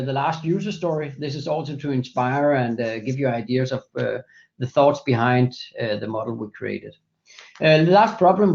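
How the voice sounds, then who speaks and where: A man presenting a software product in a screen-share demo, walking through steps methodically with frequent hesitations. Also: medium pitch, lo-fi sound. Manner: many fillers and restarts, methodical walkthrough.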